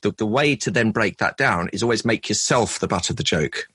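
A man's voice: on the low side, a little fast, a bit bright, slightly rough, no echo, rough recording. A man from London, a comedian, chatting in an interview and telling self-deprecating anecdotes. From London, England. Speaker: comedian and former presenter. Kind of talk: podcast interview chat.

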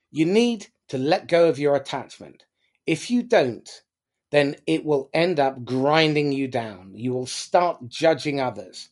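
A man giving a blunt, animated motivational talk to a business audience, swearing casually as he goes. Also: on the high side. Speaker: business speaker.

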